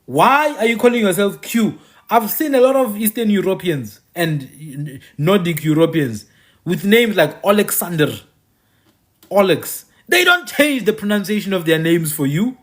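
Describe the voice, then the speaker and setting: A man delivers an impassioned, rhetorical monologue. His voice sits slightly high and swings widely in pitch. He hammers points home by repeating phrases and slips in dry, mocking asides. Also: very animated, unhurried. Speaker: commentator.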